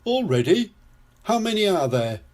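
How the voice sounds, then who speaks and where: A man voicing a jolly, hearty daddy pig who speaks loudly. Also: medium pitch, expressive, normal speed, breathy edge. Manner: hearty, loud.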